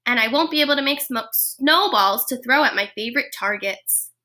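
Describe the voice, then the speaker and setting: A woman's voice: fairly high pitch, lively intonation, normal speed, bright, forceful tone. A woman voicing a grumpy young rabbit who grumbles and whines in a storybook reading. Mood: grumbling. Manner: whiny, grumbling.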